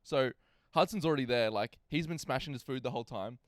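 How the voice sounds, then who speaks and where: A man's voice: mid-range voice, quick pace, no room sound, clean studio sound. Swearing young man telling a story. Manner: swearing, acts out quotes in other voices. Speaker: podcast co-host. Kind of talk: casual storytelling chat.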